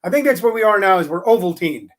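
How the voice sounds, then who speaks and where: A man's voice: sits high, animated, quick pace. A man hosting his own show, talking in a wry, joking monologue full of ums and uhs. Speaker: podcast host and comedy teacher. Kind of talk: rambling comic monologue.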